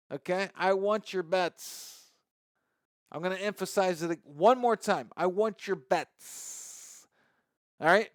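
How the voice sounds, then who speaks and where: A man's voice: a little high, clean tone, no echo, clean studio sound. A man hosting a sports talk radio show, talking loosely and chatting back at the clips he plays.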